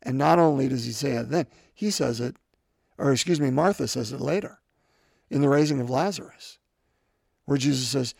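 A man's voice: medium pitch, moderate pace, gravelly, pauses often, darkish tone, dry recording, studio quality. A man preaching a homily, talking conversationally and repeating his points for emphasis. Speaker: priest.

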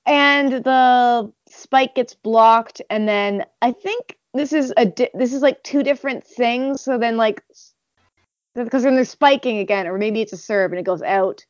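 A woman co-hosting a podcast in casual chat, animated, acting out character lines and laughing often. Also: on the high side, unhurried, no room sound. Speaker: podcast co-host. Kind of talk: casual chat recapping manga chapters. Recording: dull lo-fi dry sound.

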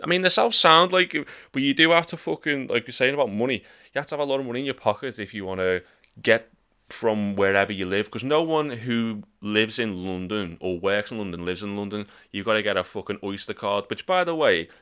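A man's voice: on the low side, animated, brisk, sharp tone, smooth. A man co-hosting a podcast, joking and swearing in casual, sarcastic banter. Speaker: podcast co-host.

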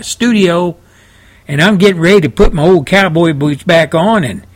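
Man, talk radio host, husky, lively up-and-down delivery, folksy and plain-spoken. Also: fairly high pitch. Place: home studio, seated in an easy chair.

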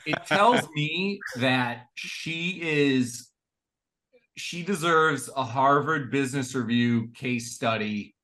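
A man's voice: medium pitch, slow, pushed and bright. A man with a mixed Chicago and Boston accent in casual podcast chat, emphatic and opinionated, swearing freely.

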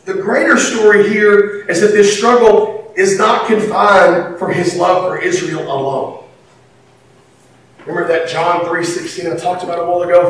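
High-voiced man preaching in an echoey hall. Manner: animated, swings from quiet to shouting, laughs between lines. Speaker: pastor. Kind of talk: sermon. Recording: echoey hall from far off, faint background noise.

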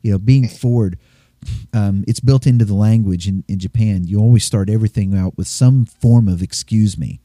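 Mellow-voiced man in casual chat. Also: fairly low pitch, moderate pace, no room sound, studio quality. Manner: rambling storyteller who acts out voices.

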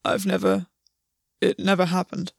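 A woman voicing a pale, unsure young man who speaks softly and hesitantly. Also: medium pitch, monotone, moderate pace, creaky, no room sound, studio quality. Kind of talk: audiobook reading.

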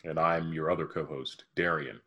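A man's voice: rumbling low, fairly even intonation, moderate pace, muffled recording. A man co-hosting a podcast in casual chat, jokey and theatrical, often mocking himself. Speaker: podcast co-host.

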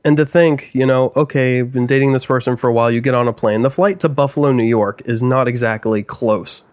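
A man's voice: mid-range voice, fairly even intonation, brisk. A young man on a podcast telling a rambling, self-deprecating story in casual chat. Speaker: podcast co-host.

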